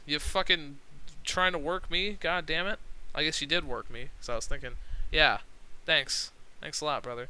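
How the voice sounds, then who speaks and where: A young man casually commentating his own game on a livestream, excitable and profane, laughing often. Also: on the high side, moderate pace, clear, resonant tone, dry recording, low-quality recording. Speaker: streamer.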